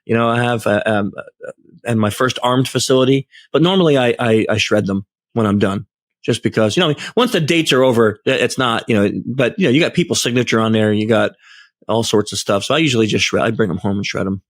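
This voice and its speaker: A man chatting on a podcast, telling a job story with lively quoted dialogue. His voice sits in a middle register and sounds dry and close, with no room echo. He talks casually, full of fillers and restarts. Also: mid-range voice, a little fast. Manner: animated, acts out quoted dialogue. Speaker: podcast host and security tester.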